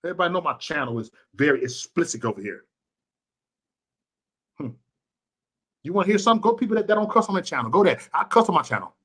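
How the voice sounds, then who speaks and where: A man's voice: on the high side, sing-song, fast talker, pauses often, fairly bright tone, slightly rough. A man from Chicago ranting bluntly and profanely on a vlog livestream, preachy and repetitive, talking to his chat viewers. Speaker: vlogger and livestream host.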